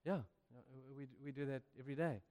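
An older man tells stories in his sermon using a mid-range voice at a quick pace. Acting out the dialogue, he grows animated and his voice rises, all under long hall reverb.

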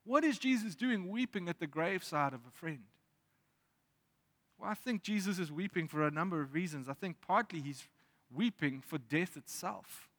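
A man preaching a sermon in a reflective way, reading scripture aloud with pauses. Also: high-pitched, lively intonation, a bit bright. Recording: long reverb of a hall.

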